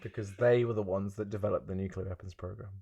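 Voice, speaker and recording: A man's voice: fairly low pitch, steady tone, fast talker, mellow, husky, no echo. A man co-hosting a podcast, reading out silly story ideas in a dry, matter-of-fact way during casual comedy chat. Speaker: podcast co-host.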